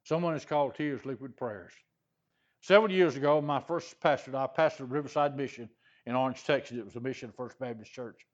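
Older man, Louisiana-raised preacher, sermon, folksy rambling storyteller, mid pitch, muffled recording. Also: fairly quick. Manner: folksy, repetitive "he said" storytelling with frequent "uh" fillers. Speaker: pastor.

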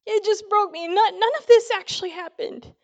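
A woman's voice: very high voice, normal speed, a little mellow. A woman teaching the Bible in a casual, conversational sermon, telling a story with lots of fillers. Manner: chatty storytelling with many fillers.

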